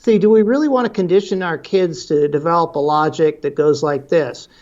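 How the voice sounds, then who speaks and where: A man's voice: on the high side, a little fast, a little mellow, muffled recording. A middle-aged man, a parenting expert, telling earnest stories in a podcast interview and often repeating words for emphasis.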